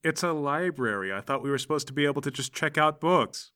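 A man doing a prim, easily offended librarian lady in a tabletop game, her voice pitched high and sharp. She scolds in a bright, pedantic way. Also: lively intonation, a little fast. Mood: indignant.

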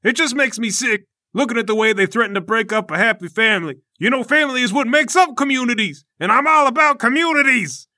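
A man's voice: very high voice, lively intonation, quick pace, hardly any pauses, sharp tone, dry recording, clean studio sound, pitched above the performer's own voice, heavily acted. A man voicing a big, self-righteous male fighting champion who declaims in indignant outbursts during a tabletop role-play game.

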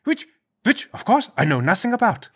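A man's voice: high voice, big pitch swings, moderate pace, a bit bright, breathy edge, full character voice. A man voicing an indignant, pompous adult man playing a dictator.

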